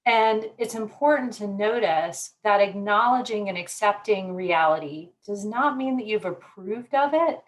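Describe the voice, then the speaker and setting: A woman psychologist from Colorado, explaining ideas in a measured way with everyday examples during an interview. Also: mid-range voice, animated, rough recording. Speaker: psychologist guest. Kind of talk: conversational interview.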